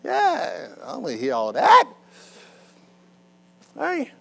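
A man preaches to his church in a strikingly high voice. He talks back and forth with the room, rising loud and dropping soft. A low mains hum sits under the recording. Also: takes it slowly, gravelly. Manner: animated call-and-response preaching, swinging loud and soft. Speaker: pastor. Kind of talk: sermon. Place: church hall with a congregation.

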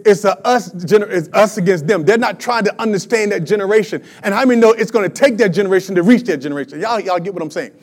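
High-voiced energetic preacher in his fifties. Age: 50s. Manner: energetic preaching, rhetorical questions to the congregation. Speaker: pastor. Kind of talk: sermon.

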